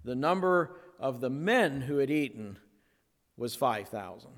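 A pastor preaching a sermon in a slow, conversational way, slipping into playful voiced asides when he retells a story. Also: mid-range voice, animated, big-room sound.

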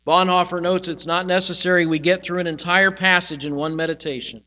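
A male pastor giving a sermon, teaching in a slow, reflective way and pausing on single words. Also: high-pitched, fairly even intonation, bright, forceful tone. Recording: hall reverb with mains hum.

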